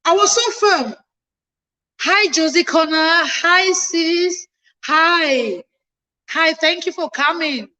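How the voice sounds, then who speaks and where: A woman's voice: extremely high pitch, takes it slowly, pushed and bright, poor audio. A woman in her thirties telling a personal family story to her viewers, emphatic and passionate, her voice climbing when she gets indignant. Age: 30s. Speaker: livestream host.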